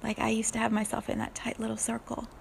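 A woman giving a reflective spiritual talk, playful and quick to laugh. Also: a little high, monotone, creaky, slight background noise. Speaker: spiritual speaker.

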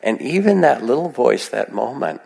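A man giving a gentle, reflective meditation talk to a live audience, with soft asides in other voices. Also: medium pitch, very animated, normal speed, creaky, husky, long reverb tail. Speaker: meditation teacher. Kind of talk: dharma talk.

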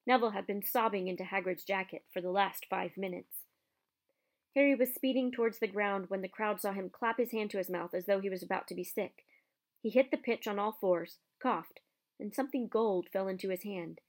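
A woman narrating a children's novel aloud in a steady, even storytelling voice. Her pitch sits in the middle range for a woman. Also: fairly quick. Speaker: audiobook reader.

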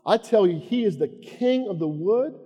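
A man's voice: high voice, lively intonation, normal speed, warm tone, in a large hall, highs cut off, voice pushed up. A man with a Southern US accent voicing a stern, proud male talking beaver, reading it aloud. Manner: stern, emphatic.

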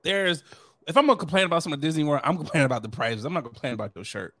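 A young man co-hosting a podcast in casual chat, animated, laughing often and acting out quotes. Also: fairly high pitch, racing. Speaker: podcast co-host.

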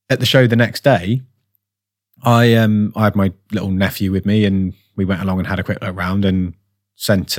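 A man's voice: lowish voice, no room sound, clean studio sound. A tired man from England co-hosting a podcast in casual chat, rambling with lots of fillers and restarts. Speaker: podcast co-host.

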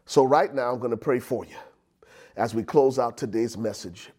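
A male pastor preaching a sermon, building to shouted climaxes and calling out to the congregation. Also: medium pitch, moderate pace, husky. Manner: preaching with swelling shouted climaxes and call-outs. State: out of breath.

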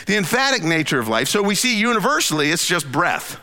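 A preacher with a bright, forceful voice delivers a sermon in a big hall with a long reverb trailing his words. He leans hard on emphatic lines, then drops to a soft, hushed tone. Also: high voice, brisk, hardly any pauses. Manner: expressive preaching, swinging from loud emphasis to hushed near-whispers. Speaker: pastor.

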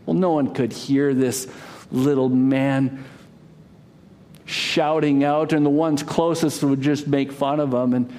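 A man preaching a sermon, telling a story dramatically, rising to loud cries and dropping to a hush. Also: medium pitch, fairly even intonation, slow, long pauses. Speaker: pastor.

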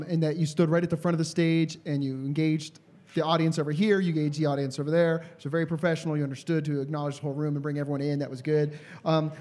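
A man giving feedback at a live comedy show, dry and teasing. His voice sits a little high, and he speaks in a club room. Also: darkish tone.

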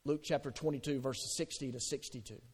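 A man preaching a sermon as pastor, conversational and animated, asking the congregation questions. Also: mid-range voice, brisk, slightly rough. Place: church sanctuary. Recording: long hall reverb.

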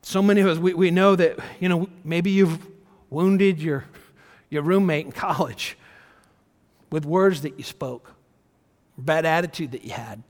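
A pastor delivers a sermon with earnest, conversational conviction, pushing some lines hard and dropping others to a near hush. His voice sits a little high for a man. The sound rings with the long reverb of a large hall. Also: measured pace, pauses often. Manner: earnest, conversational preaching with swings from loud emphasis to soft.

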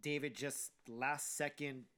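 A man co-hosting a casual chat show, thinking aloud in halting, roundabout sentences. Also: medium pitch, fairly even intonation, bright, forceful tone. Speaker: podcast co-host.

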